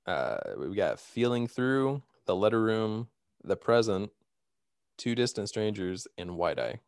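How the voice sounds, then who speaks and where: A man's voice: on the low side, sing-song, measured pace, smooth, no room sound, studio quality. A man hosting a casual podcast chat, reading out award nominees and laughing often. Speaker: podcast host.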